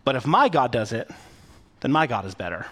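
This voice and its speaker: A man voicing the prophet Elijah in a sermon retelling, bold, challenging and excited. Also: medium pitch, a little fast. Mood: brash. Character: eager, chatty biblical prophet Elijah, man.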